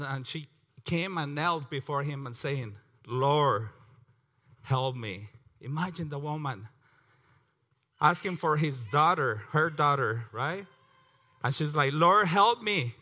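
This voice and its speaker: Bright-voiced man preaching. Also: fairly high pitch. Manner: earnest, repeats words, clears throat often. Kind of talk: prayer and Bible teaching.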